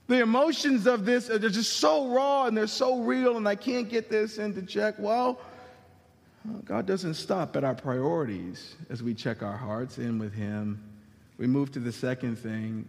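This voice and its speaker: High-pitched man preaching in a hall with long reverb, animated and casual. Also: a little slow, gravelly. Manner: animated, conversational, slangy. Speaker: pastor. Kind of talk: sermon.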